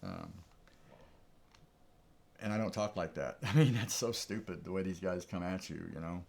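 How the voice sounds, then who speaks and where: A man's voice: deep voice, moderate pace, gravelly, darkish tone. A man giving casual live-stream commentary on his trades, thinking aloud in an easygoing way. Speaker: trading streamer.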